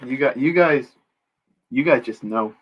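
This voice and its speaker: A young man chats easily on a live stream while building Lego, reading chat out loud, responding to viewers, and poking fun at himself. His everyday medium-pitched voice is a little slow. The audio is dull, with slight background noise.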